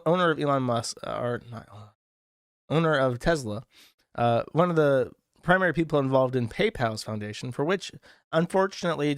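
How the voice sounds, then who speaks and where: A man's voice: mid-range voice, dry recording, studio quality. A male streamer giving casual, sardonic commentary in a loose, rambling way. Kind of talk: casual commentary reading posts.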